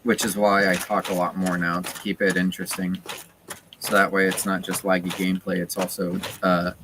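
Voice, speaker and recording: A man streaming a game chats casually, retelling a story in a rambling way with many fillers. His voice sits low and moves at a moderate pace, over loud, steady background noise.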